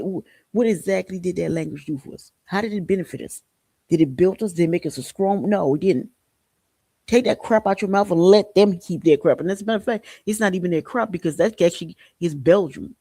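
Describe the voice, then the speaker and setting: A man hosts a podcast, talking in a slightly high, gravelly voice. He is blunt and profane, and he rambles with frequent restarts. The sound is dry and close. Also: warm tone, no room sound. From Haiti. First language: Haitian Creole. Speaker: podcast host. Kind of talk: casual opinion commentary.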